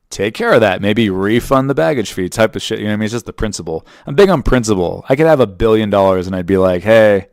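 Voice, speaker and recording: A man's voice: on the low side, dry recording, clean studio sound. Rambling, profane man in his thirties. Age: 30s. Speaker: podcast host. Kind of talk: casual monologue.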